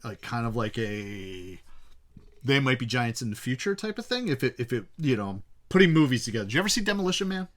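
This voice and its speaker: A man's voice: medium pitch, sing-song, fairly quick. A man co-hosting a podcast in casual chat, rambling with lots of fillers and swearing. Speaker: podcast co-host.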